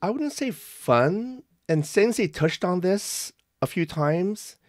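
Podcast co-host guy, thoughtful and measured, bit higher voice, dry sound. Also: lively intonation, no room sound. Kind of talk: casual podcast conversation.

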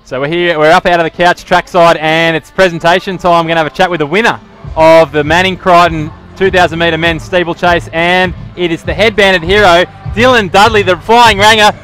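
An Australian man co-hosting a live-stream athletics broadcast, teasing guests in quick, jokey banter. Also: high-pitched, steady tone, fairly bright tone, faint music behind. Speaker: co-host.

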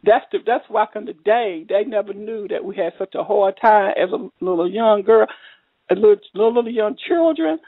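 A woman's voice: medium pitch, moderate pace, no room sound. A middle-aged woman, preaching a heartfelt testimony sermon, repeating herself and rising to cries. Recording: tinny phone-line audio.

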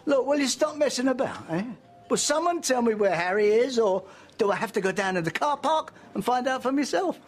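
An actor playing a blustering older uncle hosting a family meal, with an exasperated manner. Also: male voice, extremely high pitch, expressive, brisk, faint music behind. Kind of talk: TV soap drama acting.

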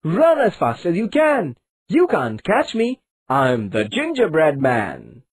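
A woman's voice: lowish voice, wildly swooping pitch, slow pace, breathy edge, pitched above the performer's own voice, exaggerated voice. A woman voicing a boastful little gingerbread man cookie in a taunting sing-song chant.

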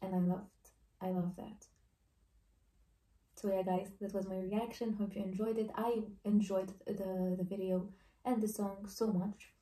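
A woman's voice: medium pitch, flat delivery, a little slow, warm tone, far from the mic. A woman hosting a casual music video reaction, talking in gushing exclamations with loose, informal phrasing. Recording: echoey room, voice off-mic.

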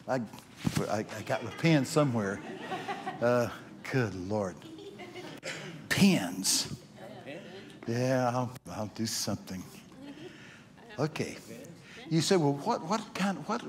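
A man preaching in a church, telling stories in a folksy, repetitive way that climbs into excited exclamations. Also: mid-range voice, slow pace, pauses often. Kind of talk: sermon with storytelling.

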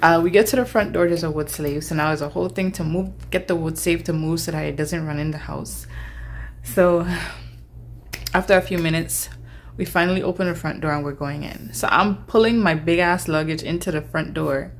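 A young woman talks casually into her phone camera, chatty and full of feeling as she speaks to her viewers. Her voice sits low and has a gravelly fry to it. A faint hiss of background noise sits under the recording. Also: fairly even intonation, normal speed. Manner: chatty and emotional, addresses viewers as y'all. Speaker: vlogger. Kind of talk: casual vlog talk to camera.

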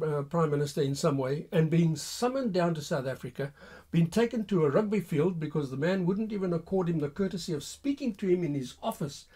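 An older man, an army veteran answering viewers' questions with an unhurried, hesitant spoken reminiscence. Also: fairly high pitch, warm tone. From Rhodesia. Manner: unhurried, hesitant, with frequent pauses.

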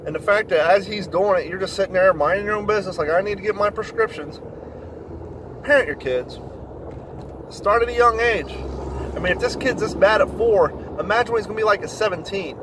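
A man telling a story in a blunt, profane rant, getting louder when indignant. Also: high voice, fast talker, noisy background. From Kentucky, USA. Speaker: vlogger. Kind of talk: ranting storytelling monologue.

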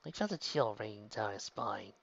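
A man reading a fan fiction story aloud in steady, soft-spoken narration. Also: lowish voice, moderate pace, creaky, no echo, lo-fi sound. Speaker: story reader.

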